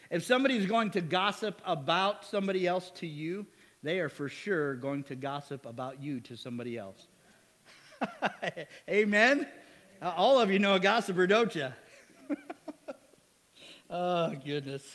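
A male pastor preaching a sermon in a lively way, asking "amen?" and chuckling with the congregation. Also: high voice, long reverb tail.

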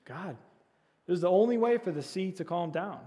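A man's voice: sits high, lively intonation, moderate pace, warm tone. A man preaching a sermon as pastor, earnestly repeating key phrases and leading the congregation in call and response. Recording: long hall reverb.

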